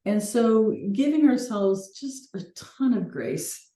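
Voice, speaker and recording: A woman's voice: fairly high pitch, expressive, slow pace, warm tone, reverberant. A woman hosting a coaching call, talking earnestly and reflectively with light laughs now and then.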